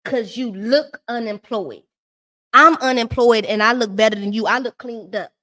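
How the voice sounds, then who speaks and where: A woman hosting a live-stream recap of a reality show, talking in a sassy, shady, animated ranting way. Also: on the high side, normal speed. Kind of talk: casual live-stream commentary.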